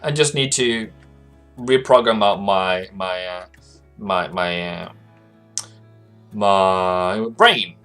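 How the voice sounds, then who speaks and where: A man with a low, smooth, slightly bright voice speaks extremely slowly with long pauses while hosting a casual trading livestream, faint music behind him. As a forex analyst, he rambles chattily and reads viewer chat aloud.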